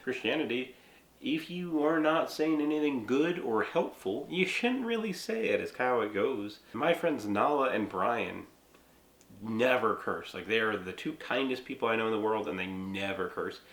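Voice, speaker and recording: A man's voice: mid-range voice, moderate pace. Casual, profane young American man. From United States. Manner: lively, profane, frequent "like" and "right?". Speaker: vlogger. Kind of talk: casual explainer monologue. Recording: echoey room.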